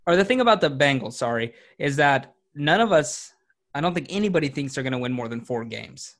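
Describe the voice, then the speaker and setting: A young man co-hosts a sports podcast, chatting loosely, rambling, and teasing his fellow hosts with quick jokes. His voice sits at medium pitch with a slightly bright quality.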